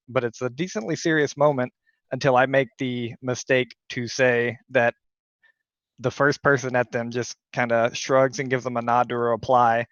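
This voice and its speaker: A man's voice: mid-range voice, steady tone, normal speed, a bit bright, no room sound. A man who hosts and runs games, telling a story in an easygoing, anecdotal way. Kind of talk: casual storytelling chat. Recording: muffled lo-fi mic.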